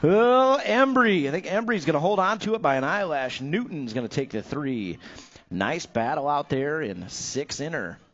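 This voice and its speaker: A man announces a live bike race from the booth, his voice sitting a bit high for a man. He is upbeat and playful, hyping riders with nicknames and running jokes. The sound is dull and lo-fi, like a track speaker feed. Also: lively intonation, normal speed, fairly bright tone.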